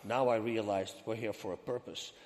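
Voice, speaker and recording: Dutch man, interview guest, lively storyteller acting out quotes; long reverb on the voice. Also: fairly low pitch, normal speed. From Netherlands. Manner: animated, acts out quoted dialogue.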